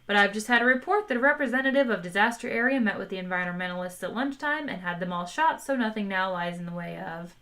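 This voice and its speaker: Woman playing a cocky broadcast reporter, quick breezy patter, pitched up. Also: fairly bright tone, close to an everyday voice. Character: brash male radio reporter.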